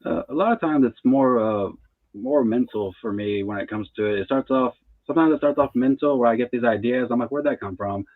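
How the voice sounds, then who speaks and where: A man's voice: mid-range voice, brisk, no echo. A man in his thirties, a tarot reader, talking in a laid-back, casual way and laughing between thoughts. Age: 30s. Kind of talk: casual interview chat. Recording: tinny phone-like line.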